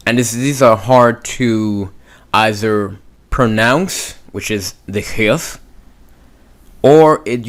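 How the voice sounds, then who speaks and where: A man's voice: fairly low pitch, a bit bright. A man teaching a beginners' language lesson, patiently sounding out words and repeating them. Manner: patient, drawn-out pronunciation demos. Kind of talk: slow spoken lesson.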